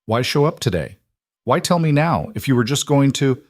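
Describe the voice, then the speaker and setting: A man voicing a stunned, commanding mafia boss husband whose voice comes out rough. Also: mid-range voice, very animated, normal speed, dry recording, pitched above the performer's own voice, natural voice. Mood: shaken. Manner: rough, strained.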